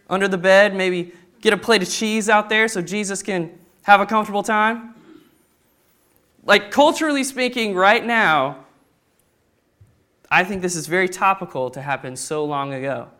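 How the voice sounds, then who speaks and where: A man preaching a sermon, acting out the people of the story with sudden loud bursts. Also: high voice, steady tone, moderate pace, clear, resonant tone. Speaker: pastor.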